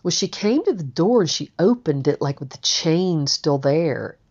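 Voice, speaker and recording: Woman, low voice, candid rambling personal story, dull lo-fi recording. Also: animated, normal speed, darkish tone, husky. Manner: candid, rambling, repeats words.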